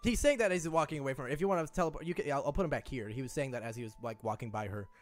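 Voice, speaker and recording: A man's voice: mid-range voice, rapid-fire, faint music behind. A young man narrating as game master, often stammering and restarting his sentences.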